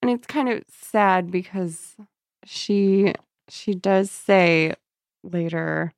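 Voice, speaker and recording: A woman's voice: lowish voice, extremely slow, creaky, no room sound, studio quality. A woman co-hosting a podcast, chatting casually about a book, laughing often and reading passages aloud with relish. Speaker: podcast co-host. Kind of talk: casual chat recapping a book.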